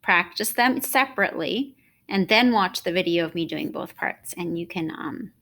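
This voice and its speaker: A woman teaching an online music lesson, explaining rhythm and solfege in a clear, patient, encouraging way. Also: on the low side, lively intonation, moderate pace, a bit bright.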